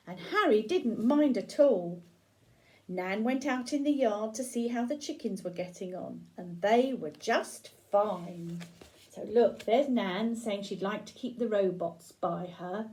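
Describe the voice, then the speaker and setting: An older woman, a storytelling grandmother, reads a picture book aloud to children in a mid-range, unhurried, darkish voice. She keeps it interactive, pausing to ask them questions and point at the pictures. The audio quality is poor.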